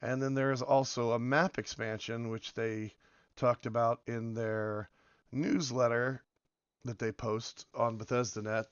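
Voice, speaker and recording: A man with a hoarse voice from being sick, rambling casually as he comments on a game and drifts between topics. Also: medium pitch, level tone, a little slow, no echo, lo-fi sound. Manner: rambling, meandering, many fillers. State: hoarse from illness. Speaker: game video host.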